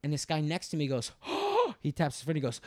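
A man co-hosting a podcast, telling an animated, rambling story full of fillers and swearing. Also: on the high side, a little fast. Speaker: podcast co-host.

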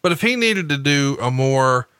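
A man co-hosting a podcast, telling animated, profane stories while commenting on a match. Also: medium pitch, normal speed, smooth, dry recording. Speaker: podcast co-host. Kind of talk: casual commentary while watching wrestling.

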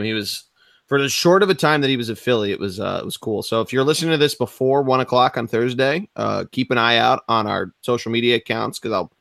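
A young man co-hosts a sports podcast in a relaxed, rambling way and swears now and then. His voice sits in an ordinary middle pitch. The recording is close and dry, with no room sound. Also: vocal fry, no echo. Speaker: podcast co-host. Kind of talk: casual sports podcast chat.

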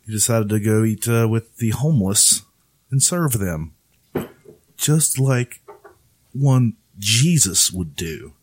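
A man's voice: lowish voice, animated, slow pace, long pauses. A man co-hosting a casual comedy chat, joking, laughing often and swearing freely. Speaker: podcast co-host.

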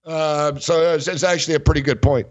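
A man's voice: on the high side, steady tone, brisk, no room sound. Male podcast host, loose rambling chat full of fillers, muffled lo-fi mic. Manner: rambling, filler-heavy, laughs often. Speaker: sports betting podcast host. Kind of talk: casual chat.

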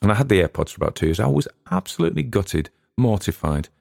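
A man's voice: lowish voice, sing-song, fast, vocal fry, a little mellow, no echo, studio quality. An English man hosting a podcast, chatting casually in a rambling, digressive way with frequent restarts. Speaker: podcast host and reader.

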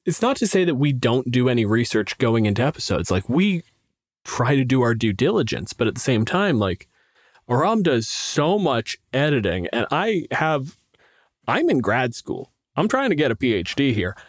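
A man's voice: medium pitch, sing-song, normal speed, dry recording, studio quality. Rambling self-deprecating young man. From Canada. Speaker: podcast co-host and game master. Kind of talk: casual chat.

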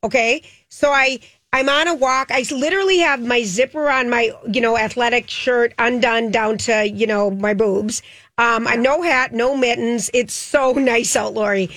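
A woman co-hosting a radio show in casual chat, chatty and animated and quick to laugh. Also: on the high side, no room sound. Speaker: radio co-host.

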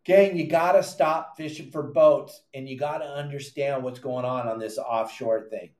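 A man's voice: mid-range voice, steady tone, moderate pace, a little mellow, roomy sound. A man hosting a fishing podcast, giving emphatic, repetitive advice and calling his listeners "gang". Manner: emphatic, repeats points, addresses listeners as "gang". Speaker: fishing podcast host and charter captain. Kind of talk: animated advice monologue.

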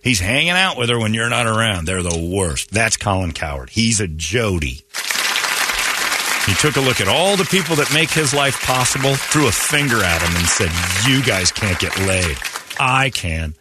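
A man's voice: lowish voice, moderate pace, over a noisy crowd, heavy background noise. A man hosting a morning radio show, telling stories in a sarcastic, ranting way during casual banter. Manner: animated, sarcastic ranting storyteller.

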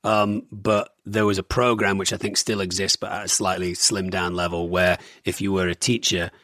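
A man in his forties, born in Germany to English parents, chatting casually as a podcast guest and telling animated stories with plenty of swearing. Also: low voice, moderate pace, no echo, clean studio sound. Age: 40s. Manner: swears freely, animated storytelling with voiced asides. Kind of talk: casual chat.

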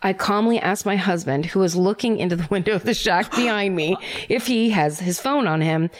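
A woman's voice: mid-range voice, brisk. A woman co-hosting a podcast, reading a listener's story aloud in a wry, casual way and laughing often.

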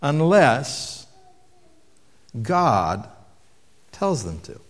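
A man's voice: mid-range voice, very animated, drawn-out words. A man preaching a sermon in a conversational way, asking the audience questions and dropping his voice for emphasis. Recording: long reverb from a hall.

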